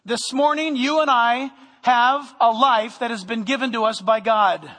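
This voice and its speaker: High bright-voiced pastor preaching in a hall. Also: male voice, unhurried. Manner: animated preaching with humor, sometimes loud. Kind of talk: sermon. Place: church sanctuary.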